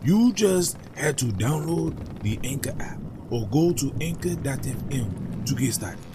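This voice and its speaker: A man voicing an eager character called Chef in a scripted podcast promo skit, replying brightly. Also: mid-range voice, very animated, unhurried, noisy background.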